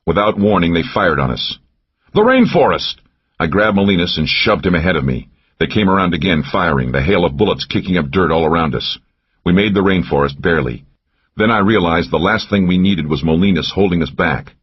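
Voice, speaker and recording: A man's voice: deep voice, fairly quick, slightly rough, dull audio. A man narrating a first-person thriller audiobook, tense and driving in action scenes.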